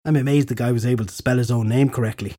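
A man's voice: medium pitch, steady tone, fast talker, mellow, natural voice. A man voicing a sardonic old fairy crone. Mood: dry.

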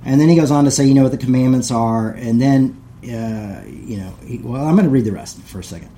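A man's voice: mid-range voice, fairly quick, dark tone. A middle-aged man hosting a casual talk, reading passages aloud and paraphrasing them with many asides.

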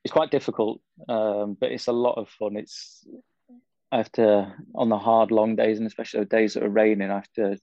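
Gravelly, low-key young Englishman. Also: level tone, fairly quick, mellow, dry recording, lo-fi sound. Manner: easygoing, rambling, frequent fillers. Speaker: cycling pundit guest. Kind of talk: casual interview chat.

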